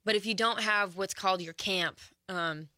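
A woman speaking as an interview guest, rambling a little with fillers and trailing off quietly. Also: medium pitch, moderate pace, dry recording, clean studio sound. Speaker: musician guest. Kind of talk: interview chat.

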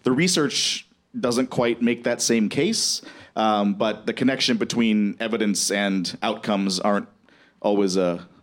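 A man's voice: on the low side, a little slow. A man, a teacher explaining politics in a casual radio talk, rambling and correcting himself. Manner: rambling, self-correcting, laughs often. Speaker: political science teacher, guest.

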